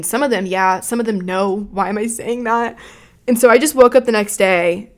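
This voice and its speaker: With a creaky, medium-pitched voice, a young adult podcast host shares a story from a room in her home. She tells it casually, wandering off track, cursing, and making fun of herself.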